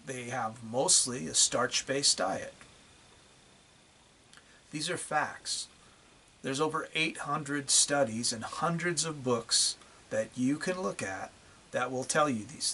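A man's voice: medium pitch, sharp tone, a little hiss or hum. A man ranting bluntly to the camera in a profane, repetitive video monologue. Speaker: vlogger.

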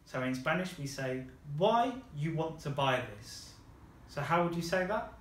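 A man's voice: on the high side, animated, unhurried, a bit bright, reverberant, slight background noise. A man teaching a lesson, patiently modelling phrases and praising his student's answers. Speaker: language teacher.

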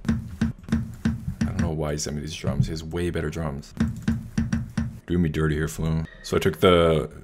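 A man's voice: extremely low pitch, flat delivery, measured pace, long pauses. A young man producing music, talking in casual, joking, cocky and profane banter at a desk mic. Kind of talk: casual screen-recorded production vlog. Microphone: desk mic near loud keyboard. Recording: loud music playing over the voice.

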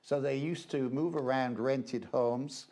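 A man's voice: medium pitch, steady tone, takes it slowly, darkish tone. Man giving a chatty slide-show talk. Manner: chatty, hesitant, with frequent 'uh' fillers. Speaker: guest presenter, reverend. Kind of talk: informal slide-show lecture.

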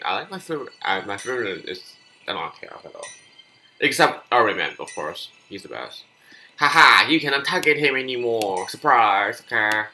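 A man doing live gameplay commentary as a gaming youtuber, excitable and swinging from frustrated yelling to low muttering. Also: a little hiss or hum.

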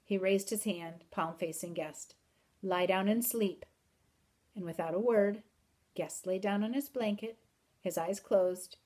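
A woman narrating a children's novel aloud in an even, measured storytelling manner. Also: mid-range voice. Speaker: audiobook narrator.

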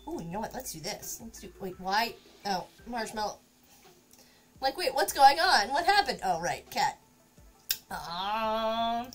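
A woman's voice: fairly high pitch, sing-song, normal speed, faint music behind. A woman streaming from her home craft workspace, chatting casually and talking to her cat while she works. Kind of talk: casual live-stream chat.

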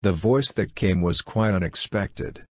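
Low-voiced man reading a classic story. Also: unhurried, no echo. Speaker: audiobook reader. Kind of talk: scripted narration of a classic story.

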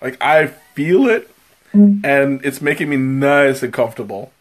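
A man with a mid-range voice, lively intonation and a measured pace chats casually and ramblingly while tasting tea on a live stream. He giggles a lot, pokes fun at himself, and his nose is running from the spicy tea.

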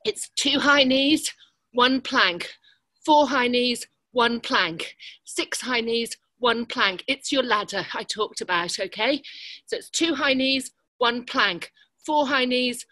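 A high-pitched woman coaching a live workout class over a video call. She counts reps and urges people on with lots of energy, sounding a little out of breath. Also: lively intonation, takes it slowly, pushed and bright, low-quality recording. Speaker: fitness coach.

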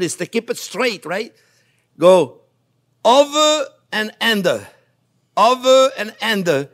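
An older man, a chef giving a chatty cooking demonstration in a kitchen, joking and laughing as he teaches. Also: high-pitched. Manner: animated, chatty, jokes and laughs while teaching.

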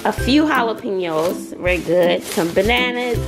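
A woman's voice: mid-range voice, expressive, moderate pace, over music. A chatty woman with a Southern US accent talks to her camera in a casual vlog. She laughs easily and speaks straight to her viewers. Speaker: vlogger.

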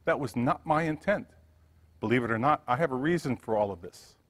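Man putting on a gracious rich businesswoman, raised voice, polite yet firm, lively lilt, reverb of a church hall. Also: mid-range voice, a little fast. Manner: polite, gently insistent. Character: wealthy kind businesswoman, middle-aged, gracious and firm.

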